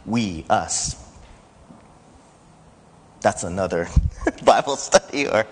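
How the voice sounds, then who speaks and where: A man preaching a sermon to his church in a conversational way, rising loud when he quotes. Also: fairly low pitch, expressive, slow, husky. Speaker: pastor. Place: church sanctuary. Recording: church hall reverb.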